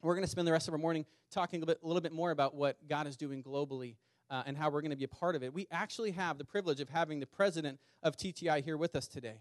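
A man preaching a sermon to a small church congregation, earnest, repeating words and slowing down to stress key lines. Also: fairly high pitch, dry recording, studio quality. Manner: earnest, repeats words, speeds up and slows for emphasis. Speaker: pastor. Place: small church meeting in a community center.

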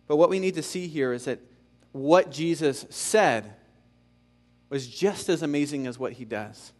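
Male pastor, sermon delivery, slightly high pitch, rises to emphatic passages then drops quiet. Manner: repeats key phrases for emphasis.

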